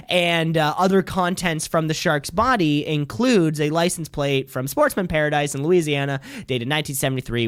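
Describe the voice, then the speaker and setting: A man's voice: fairly high pitch, clean tone, dry recording, clean studio sound. A man co-hosting a podcast, joking around and trailing off into strings of filler words. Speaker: podcast co-host. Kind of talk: casual chat.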